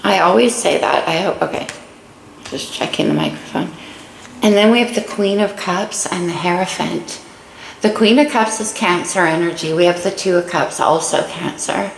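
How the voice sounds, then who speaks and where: A woman reads tarot casually, giving friendly, chatty remarks on each card. She speaks at a normal speed in a fairly low, creaky voice, and the recording has echo and a faint hiss.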